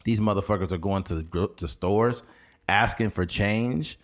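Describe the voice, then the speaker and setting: A man's voice: lowish voice, normal speed. A man co-hosting a podcast, telling stories in casual chat and breaking into mocking impressions, with a California accent. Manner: animated storyteller, jumps into loud mocking impressions. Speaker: podcast co-host.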